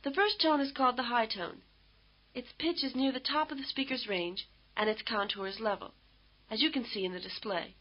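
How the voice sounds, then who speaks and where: A woman giving scripted instructional narration for a language course, in a measured, explanatory way. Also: a little high. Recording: dull lo-fi tape audio.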